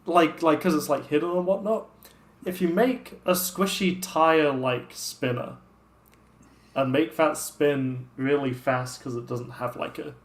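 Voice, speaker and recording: A man's voice: a little high, steady tone, measured pace. A young man from the UK with a British accent, hosting a casual livestream chat and laughing often. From United Kingdom. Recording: roomy echo.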